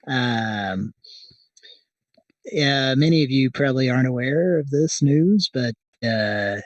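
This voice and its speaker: A man of middle pitch rambles through hesitant announcer patter. The sound is dry, and he is a little distant from the mic. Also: lively intonation, slow, long pauses, dry recording, muffled recording. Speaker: comedy show co-host. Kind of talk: casual banter.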